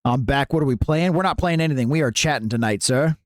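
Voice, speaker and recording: A man's voice: medium pitch, fast, no room sound, studio quality. A man hosting a live stream, chatting casually with viewers in a playful, jokey way and often laughing.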